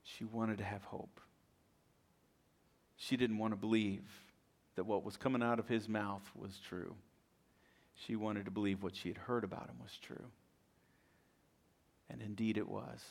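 A man preaching a sermon as a pastor, telling a story with animated, acted-out voices and repeated words when excited. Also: on the low side, unhurried, gravelly, long pauses.

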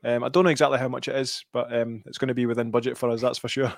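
A man's voice: mid-range voice, level tone, racing, gravelly, dry recording, clean studio sound. A Scottish man co-hosting a podcast, easygoing and agreeable as he reads out listener comments. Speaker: podcast co-host. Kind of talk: casual chat, reading comments.

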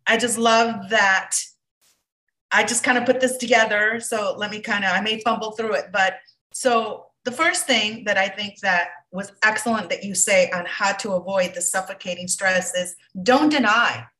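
A woman podcast host sums up her guest's points in a halting, casual way, searching for words. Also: medium pitch, fairly even intonation, sharp tone. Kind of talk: casual chat, summarizing. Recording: distant from the mic.

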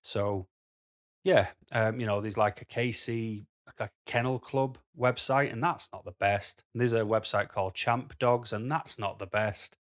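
A man's voice: fairly low pitch, a little slow, a bit bright. A man talking to camera in a blunt, rambling way, full of "you know" fillers. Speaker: vlogger. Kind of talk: casual monologue to camera.

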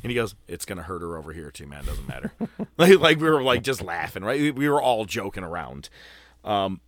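A man hosting a wrestling podcast, telling a profane, animated story and acting out what people said. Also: deep voice, fairly quick, dry recording, studio quality. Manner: profane, animated, acts out quotes. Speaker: podcast host. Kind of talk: casual storytelling chat.

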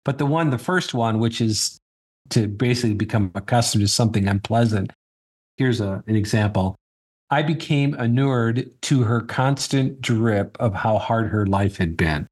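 A man co-hosting a podcast, explaining things in a measured, thoughtful way. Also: lowish voice, darkish tone, slightly rough. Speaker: podcast co-host. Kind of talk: casual podcast chat.

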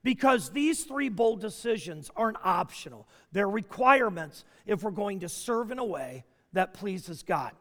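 High-voiced man preaching in a reverberant hall. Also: a little slow, few pauses. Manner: animated preaching with rhetorical questions. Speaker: pastor. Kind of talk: sermon.

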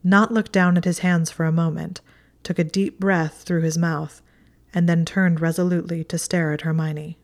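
A woman reading a chapter of fan fiction aloud in a calm, steady narration. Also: fairly low pitch, normal speed. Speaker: audiobook reader. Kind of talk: scripted narration.

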